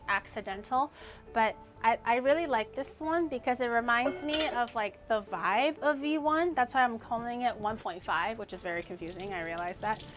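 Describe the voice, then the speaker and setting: A young woman streamer chatting casually and rambling as she cooks, with loud playful outbursts. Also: a little high. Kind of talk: casual cooking stream chat.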